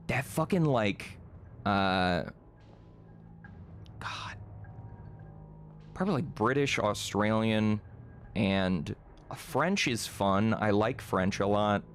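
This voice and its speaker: A man's voice: lowish voice, a bit bright. A young man chatting casually on a live stream, reading chat, rambling, laughing often and swearing freely.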